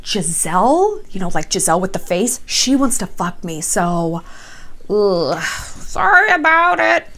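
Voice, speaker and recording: A woman's voice: mid-range voice, sing-song, unhurried, fairly bright tone. A woman doing a mocking impression of a smug, cheating star athlete in a careless drawl, attempting a Massachusetts accent.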